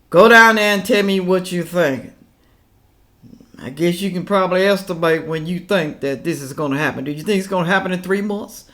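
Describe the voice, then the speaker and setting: A woman ranting to her viewers in a vlog, scolding and preachy, swinging from loud outbursts to hushed asides. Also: lowish voice, unhurried, long pauses. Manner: preachy, scolding, addresses viewers as y'all and people. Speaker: political commentary vlogger. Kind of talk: casual reaction vlog rant.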